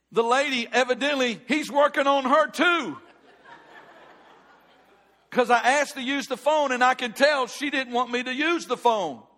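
A middle-aged pastor with a very high voice preaches and shares a personal story. He moves back and forth between loud, emphatic lines and quiet, hushed ones.

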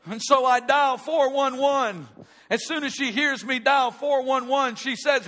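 High-voiced preaching pastor, animated. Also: male voice, slow. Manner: animated storytelling, shifting between loud and hushed. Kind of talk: sermon with personal story.

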